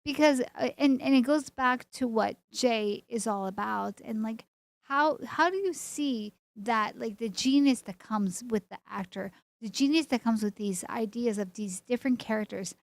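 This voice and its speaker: Co-host lady, kinda high voice, rambly and excited. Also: normal speed, vocal fry, dry recording. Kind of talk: casual interview chat.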